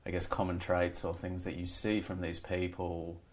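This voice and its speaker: A man's voice: low voice, completely flat delivery, normal speed. A man hosting a podcast who asks easygoing, searching questions. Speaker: podcast host. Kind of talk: interviewing.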